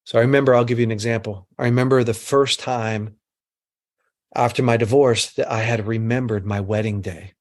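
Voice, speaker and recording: A man's voice: medium pitch, fairly even intonation, fairly quick. A middle-aged man giving an earnest teaching talk to a group, mixing instruction with a personal story and repeating phrases for emphasis.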